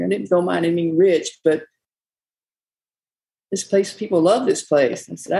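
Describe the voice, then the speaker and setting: Bar owner, woman, gravelly voice, loose folksy storyteller. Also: fairly low pitch, steady tone, normal speed, long pauses, mellow, rough recording. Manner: rambling, folksy, quotes people often. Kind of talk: casual storytelling interview.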